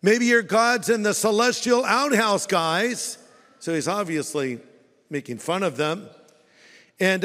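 Animated high-voiced male preacher in a reverberant hall. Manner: animated, mocking, acts out quoted voices. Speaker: pastor. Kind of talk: sermon.

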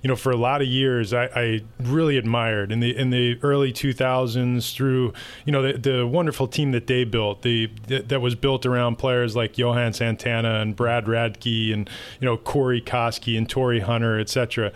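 Relaxed storytelling male baseball executive. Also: mid-range voice, normal speed, clean tone. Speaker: baseball team executive, guest. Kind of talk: casual interview answers.

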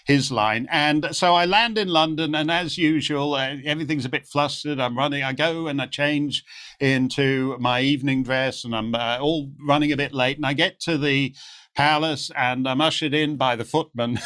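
A man guest in an interview, telling animated anecdotes and acting out the voices of the people in them. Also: medium pitch, normal speed. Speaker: guest commentator. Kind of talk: storytelling interview chat.

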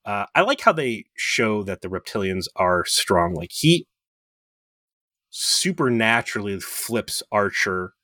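A man's voice: on the low side, sing-song, takes it slowly, bright, forceful tone, no echo. A man co-hosting a podcast, recapping a TV episode in rambling, profane, joking casual chat. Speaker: podcast co-host.

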